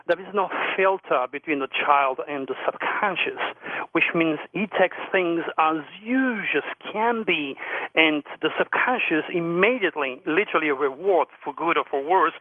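A middle-aged man with a somewhat high voice tells his stories earnestly, circling back over his words. He comes through a tinny, phone-like line with a dry sound. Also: normal speed, no room sound. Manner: earnest, repeats words while telling stories. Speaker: guest. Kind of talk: telling personal stories on a radio show.

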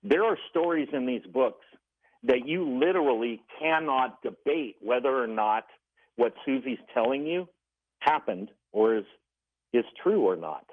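A man phones in to a radio talk show and earnestly recounts a story, voicing the lines of each person as he goes. His voice is mid-pitched. It comes through a narrow, tinny telephone line. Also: expressive, a little slow. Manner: earnest, retelling dialogue in quotes. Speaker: caller.

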